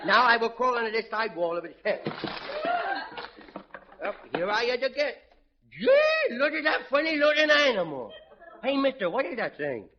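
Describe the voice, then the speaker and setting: A man's voice: extremely high pitch, sing-song, moderate pace, pauses often. A man playing a mischievous little boy with childish grammar, in 1940s radio comedy acting. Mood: cheeky. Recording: muffled old radio broadcast, hiss, audience laughter.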